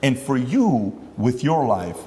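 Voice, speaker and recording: A man's voice: mid-range voice, very animated, takes it slowly, mellow, big-room sound. A man hosting a podcast interview, talking in a rambling, conversational way and acting out quoted dialogue. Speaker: podcast host.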